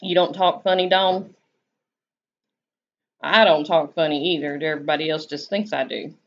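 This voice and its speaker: A woman's voice: sits low, fairly even intonation, normal speed. Chatty Southern woman on a live stream. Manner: chatty, drawling, laid-back. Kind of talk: casual chat reading viewer comments. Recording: dull lo-fi stream audio.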